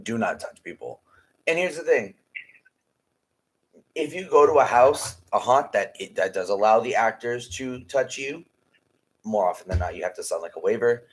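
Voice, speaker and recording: A man's voice: mid-range voice, animated, moderate pace, pauses often, rough recording. A man co-hosting a casual podcast, talking emphatically and bluntly, with plenty of swearing. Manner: emphatic, blunt and profane, ranting. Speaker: podcast co-host and haunted house scare actor.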